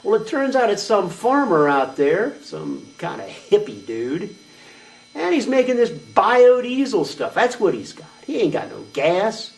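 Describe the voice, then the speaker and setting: A man's voice: sits high, sing-song, a little slow, vocal fry, heavily acted. A man doing a rambling redneck trucker. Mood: boastful. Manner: rambling, folksy, crude. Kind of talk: comedic character monologue. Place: small venue stage. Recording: distant mic at open mic.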